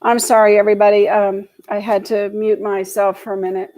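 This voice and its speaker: A woman's voice: mid-range voice, flat delivery, fairly quick, mellow, poor audio. A woman teaching an online class on a video call, reading statistics from her slides and adding casual asides. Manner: reads statistics aloud, then adds casual asides. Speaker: video marketing instructor for real estate agents.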